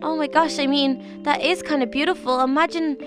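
High-pitched young woman roleplay host, hesitant delivery, music bed behind. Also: steady tone, brisk. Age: young adult. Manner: nervous, hesitant, lots of uhs. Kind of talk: casual game roleplay. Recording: background music under voice.

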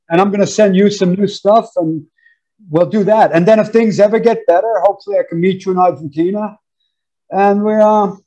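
A man in his fifties with a New York accent, a guest musician telling stories in a casual interview, animated and acting out counts and quotes. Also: sits high, dull audio. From United States. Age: 50s. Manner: animated storyteller, acts out counts and quotes, says "man" often.

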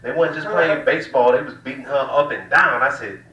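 A man's voice: mid-range voice, fairly quick, bright, forceful tone, muffled recording. A man from the American South, doing a loose, profane stand-up set in a small cafe room. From Southern United States. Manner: loose, profane, drawling storytelling. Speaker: stand-up comedian. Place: small cafe room used as comedy venue. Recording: roomy room, distant mic, faint hiss.

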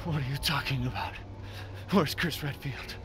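A man's voice: medium pitch, moderate pace, pushed and bright, slight background noise, close to an everyday voice. An actor playing a confused, anxious young male game hero, asking urgent questions.

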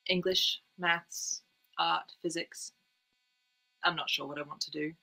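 A young woman reading her own literary piece aloud in a measured, quiet first-person voice. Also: fairly low pitch, fairly even intonation, gravelly, low-quality recording. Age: young adult.

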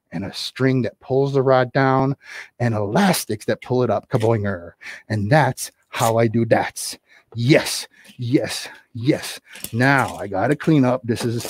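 Speaking into a camera on a desk, a man with a husky, medium-pitched voice runs a livestreamed puppet show. He's chatty and playful, adding sing-song asides as he tells a nursery rhyme.

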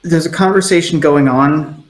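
A man's voice: fairly high pitch, normal speed. A man narrating a tabletop role-playing game as game master, in a loose, descriptive storytelling way. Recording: echoey room.

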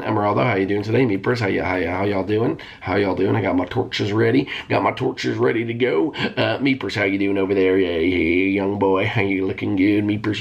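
A man hosting a gaming video, giving excitable live commentary that jumps into squeals and shouts. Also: lowish voice, vocal fry. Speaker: gaming channel host.

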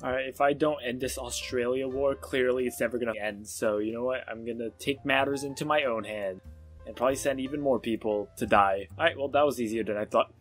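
A man giving casual, sarcastic let's-play commentary on a strategy game, with excitable outbursts and self-mocking asides. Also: mid-range voice, a little fast, soft background music. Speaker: gaming YouTuber.

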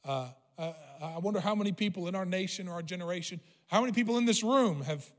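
A pastor telling a personal story in a sermon, conversational with frequent fillers and restarts. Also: male voice, high-pitched, quick pace, in a large hall. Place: church sanctuary.

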